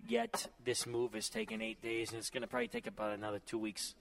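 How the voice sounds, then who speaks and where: A man hosting a podcast, chatting excitedly and casually from a busy bar. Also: mid-range voice, quick pace, creaky, background noise. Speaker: podcast host. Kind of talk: casual chat.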